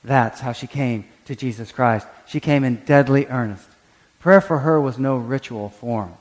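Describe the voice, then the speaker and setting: A man's voice: mid-range voice, measured pace, long reverb tail. A man preaching a sermon as pastor, acting out quoted prayers and often restarting his words. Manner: animated, acts out quoted prayers and voices; frequent stammered restarts.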